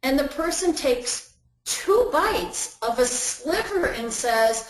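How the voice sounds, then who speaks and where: A woman's voice: sits high, big pitch swings, takes it slowly. A woman giving a webinar talk in a conversational way, acting out everyday inner voices as she explains. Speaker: webinar presenter. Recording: roomy echo.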